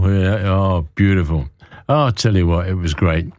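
A man's voice: low-pitched, moderate pace, darkish tone, no room sound, studio quality. A man presenting on hospital radio, chatting casually and rambling between records.

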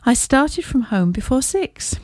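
A woman's voice: high-pitched, very animated, a little slow, a little mellow, dry recording, clean studio sound, voice pushed up. A woman playing a frightened, tremulous young woman. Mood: fearful. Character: frightened young woman of thirty, terrified client.

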